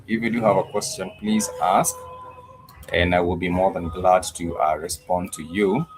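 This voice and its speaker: A man teaching a live-streamed language class, talking slowly, repeating words and spelling them out letter by letter, with frequent "uh" pauses. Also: sits low, steady tone, background noise. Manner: frequent "uh" fillers. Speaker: Swahili teacher.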